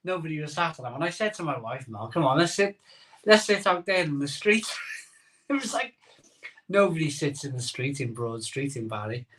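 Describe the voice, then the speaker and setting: A middle-aged man streams live from his home conservatory on a phone camera, his voice a little high, expressive and fairly bright, with a brisk pace. He chats casually and reads viewer comments in a jokey, sleepy manner.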